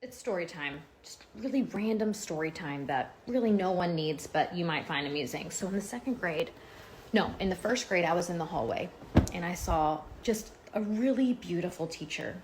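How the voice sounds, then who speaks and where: A woman's voice: lowish voice, animated, moderate pace, a little hiss or hum. A woman, rambling through stories and product picks in a casual phone vlog, full of "like" and "um". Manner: chatty, rambling storytelling with lots of "like" and "um". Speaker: lifestyle blogger and home renovation host.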